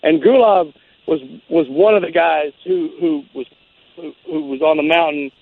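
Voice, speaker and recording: A man's voice: on the high side, normal speed, no room sound. A former Navy SEAL guest telling a war story in a rambling, casual way, full of restarts and "man" and "dude". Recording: phone-like narrow band.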